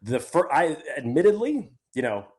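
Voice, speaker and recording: A man's voice: a little high, sing-song, normal speed, a little mellow. Rambling man co-hosting a sports podcast. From California. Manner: rambling, self-interrupting. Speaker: podcast co-host. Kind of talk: casual sports podcast chat.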